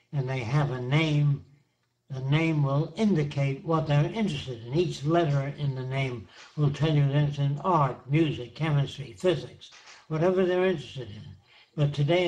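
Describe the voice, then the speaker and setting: An older man gives a seminar talk, speaking slowly and emphatically and pressing each point home with simple examples. His voice sits a little high for a man. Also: a little mellow, low-quality recording. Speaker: lecturer answering questions.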